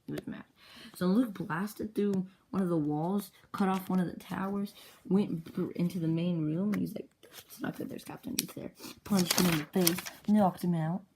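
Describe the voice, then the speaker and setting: A woman excitedly retelling the story of her own comic journal in a rambling, casual way, jumping into brief character voices. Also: lowish voice, normal speed, noisy background.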